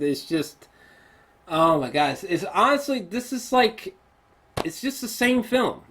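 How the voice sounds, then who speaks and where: A man giving a casual spoken film review, ranting in exasperation, swearing often and stumbling through many fillers. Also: on the high side. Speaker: movie reviewer.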